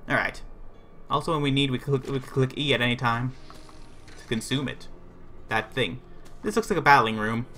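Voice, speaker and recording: A man's voice: mid-range voice, normal speed, long pauses, bright, forceful tone, a little hiss or hum. A man livestreaming a video game, giving rambling play-by-play commentary to himself and his chat. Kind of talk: live gameplay commentary.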